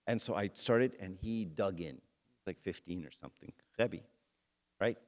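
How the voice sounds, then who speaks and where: Deep-voiced and darkish in tone, this middle-aged man speaks at normal speed. He's delivering a church talk centred on a personal story, keeping it conversational and addressing listeners directly.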